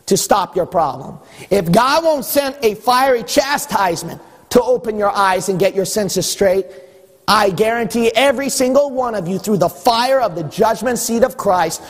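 A man's voice: high voice, moderate pace, in a large hall. A male pastor preaching a sermon, building emphasis and teasing his congregation along the way.

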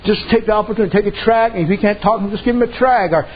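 In lo-fi sound, a man with a high voice races through a sermon as pastor. He comes from a Native American reservation community and tells folksy stories, acting out the voices of the people in them.

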